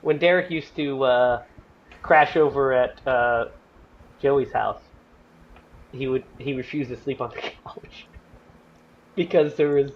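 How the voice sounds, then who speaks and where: A man hosting a podcast, chatting casually and excitedly about a film, rambling with lots of fillers. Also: medium pitch, takes it slowly, pauses often, lo-fi sound, a little hiss or hum. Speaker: podcast host. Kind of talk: casual movie review chat.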